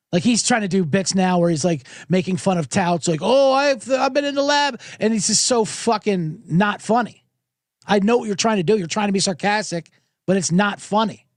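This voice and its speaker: Animated sarcastic male podcast host. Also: high voice, normal speed, no echo, clean studio sound. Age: middle-aged. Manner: sarcastic, animated, swears freely. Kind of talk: ranting comedic podcast monologue.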